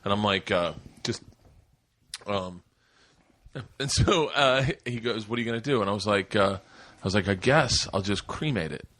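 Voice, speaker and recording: A man's voice: fairly low pitch, moderate pace, long pauses, a bit bright. A man in his forties hosting a podcast, telling rambling, profane stories and laughing his way through them. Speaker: podcast host. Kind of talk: casual storytelling.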